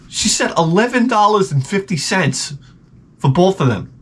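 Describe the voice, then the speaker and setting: A middle-aged man telling stories in a casual vlog, profane and animated, ranting and acting out his own exasperated reactions. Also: high voice, moderate pace, soft background music. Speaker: vlogger showing garage sale finds.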